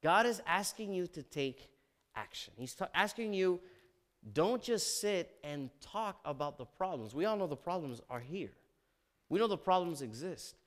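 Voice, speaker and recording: Speaking at a moderate pace and with plenty of expression, a man delivers a sermon in a church sanctuary. He reads scripture aloud, then breaks off for loud emphasis, low asides, and calls of "amen?"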